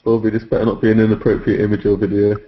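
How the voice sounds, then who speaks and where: A man's voice: fairly low pitch, completely flat delivery, rapid-fire. A man on a casual group video chat, giving dry, wry replies. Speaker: hangout participant. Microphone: video call. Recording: dull lo-fi video call audio.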